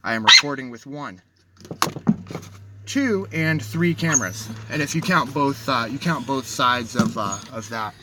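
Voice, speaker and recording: A man's voice: mid-range voice, animated, a little slow, background noise. A man livestreaming from inside a vehicle, telling a story in a rambling, shaky way, full of restarts and self-corrections. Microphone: dashboard camera.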